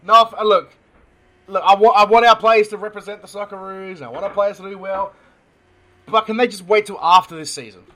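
Excitable high-voiced Australian man. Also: fairly quick. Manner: excitable, laughs often, stumbles over names. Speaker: podcast co-host. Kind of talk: casual sports chat.

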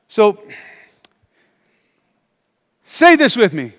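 High-voiced pastor preaching in a reverberant hall. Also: male voice, a little slow, pauses often. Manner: animated, call-and-response with the congregation. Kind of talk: sermon. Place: church auditorium.

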